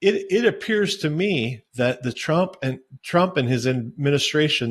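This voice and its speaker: A man co-hosting a political podcast, speaking haltingly and searching for his words. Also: medium pitch. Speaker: podcast co-host. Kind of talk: casual political chat.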